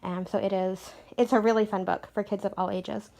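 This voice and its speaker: Chatty mom with lots of ums. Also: female voice, medium pitch, steady tone, brisk, vocal fry, darkish tone. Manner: chatty, with frequent "um" fillers. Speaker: parent recommending a read-aloud book. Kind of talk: casual book recommendation.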